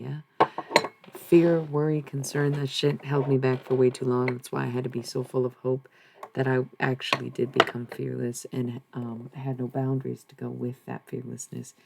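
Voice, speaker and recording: A streamer talking to chat in a loose, rambling way, with swearing thrown in. The voice sits at a middle pitch with a gravelly, fried edge. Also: flat delivery, normal speed, very noisy. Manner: rambling, profane, talks back to chat. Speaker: live streamer. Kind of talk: casual live-stream chat.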